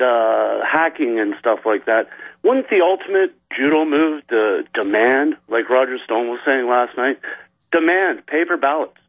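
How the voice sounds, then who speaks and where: A man's voice: mid-range voice, slightly rough, no echo. A man from Canada calling in to a radio show, rambling and joking as he makes his point. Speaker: caller. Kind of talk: call-in over the phone. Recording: dry, tinny phone line.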